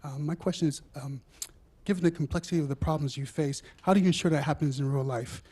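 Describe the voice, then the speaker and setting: A man's voice: fairly high pitch, fast talker, a little mellow, slightly rough. A man in the audience asking direct, pointed questions. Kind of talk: question from the floor.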